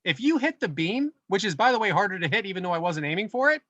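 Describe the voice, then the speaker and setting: A middle-aged man co-hosting a podcast, telling a casual story with animated build-ups and voiced quotes. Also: high-pitched, fast talker, lo-fi sound. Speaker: podcast co-host.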